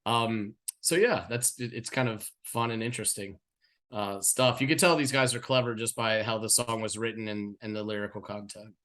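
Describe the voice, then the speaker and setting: A man's voice: on the low side, moderate pace, fairly bright tone. A man co-hosting a music reaction show in an easygoing, agreeable way, signing off the episode. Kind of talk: casual chat.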